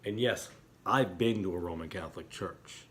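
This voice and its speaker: A middle-aged man talking as an internet preacher, heated and emotional in places, quiet and somber in others. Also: low voice, moderate pace, a little hiss or hum. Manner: heated, talks with rising emotion and repeated apologies; quiet and somber when reflecting. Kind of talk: impassioned religious commentary.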